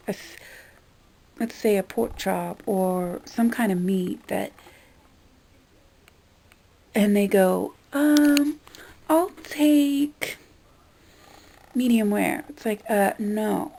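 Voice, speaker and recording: A woman's voice: medium pitch, vocal fry, dark tone, rough recording. A young woman vlogging a casual rant, exasperated and swearing, now and then mimicking the people she talks about. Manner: exasperated, swearing, mimics customers in quoted voices. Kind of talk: casual ranting monologue.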